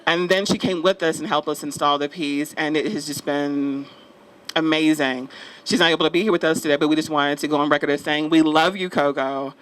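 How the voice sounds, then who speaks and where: A man's voice: fairly high pitch, fairly even intonation, brisk, fairly bright tone, rough recording. A man giving a chatty, playful speech at an outdoor mural dedication, upbeat and joking with the crowd.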